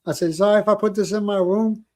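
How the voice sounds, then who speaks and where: A man's voice: high voice, fairly even intonation, fast talker, darkish tone. An older man hosting a casual livestream chat, telling rambling stories and joking with viewers. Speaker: livestream host.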